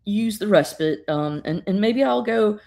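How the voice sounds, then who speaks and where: A woman's voice: mid-range voice, lively intonation, a little slow, creaky, a little mellow. A woman voicing a grieving older man who rambles in a courteous, folksy way.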